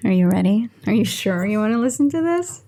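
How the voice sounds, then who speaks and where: A woman's voice: medium pitch, lively intonation, fairly quick, noisy background. A woman from Norway co-hosting a podcast in casual chat, bashful and giggly. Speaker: podcast co-host.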